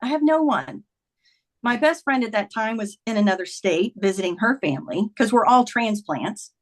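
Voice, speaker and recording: A woman's voice: mid-range voice, lively intonation, moderate pace. A woman guest in an interview, telling a personal story in earnest and acting out the dialogue of the people in it. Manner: vivid retelling that acts out quoted dialogue. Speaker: guest, author.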